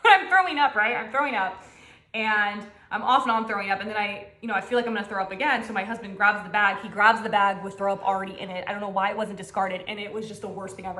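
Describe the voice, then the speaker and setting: A woman's voice: mid-range voice, steady tone, fast talker, pushed and bright. A woman in her thirties telling a personal story in a chatty, candid way, laughing often and reassuring viewers. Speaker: mom vlogger. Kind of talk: casual personal storytelling to camera. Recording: echoey room.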